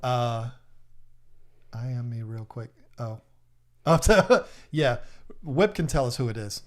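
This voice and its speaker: A man's voice: mid-range voice, animated. A man with a drawl chats casually on a live stream. He teases his viewers in a playful, bantering way and reels off their guesses one after another. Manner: playful, teasing, lists guesses rapidly. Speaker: livestream host.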